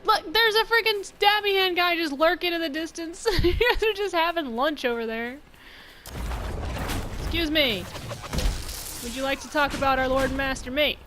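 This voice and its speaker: A woman's voice: very high-pitched, normal speed, pauses often, sharp tone, slight background noise, rough recording. A woman hosting a let's-play video, chatting to her viewers as she plays, joking and laughing often. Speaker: gaming channel host.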